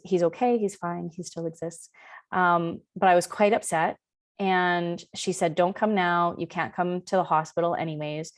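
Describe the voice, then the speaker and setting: Soft-spoken woman sharing spiritual stories. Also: on the low side. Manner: casual, warm-hearted storytelling with frequent ums. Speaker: spiritual teacher. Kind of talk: live online session talk.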